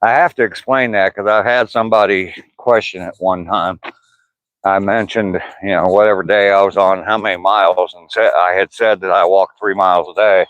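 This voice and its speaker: An older man with a Southwest Ohio drawl that has an Appalachian lean, chatting in an easygoing way as he reads viewers' comments aloud. His voice sits very low, with a dry, close sound and a slightly dull, muffled tone. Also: steady tone, normal speed, a bit bright, no room sound. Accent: Southwest Ohio, Appalachian-tinged. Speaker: vlogger reading live chat. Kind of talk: casual live-stream chat while walking.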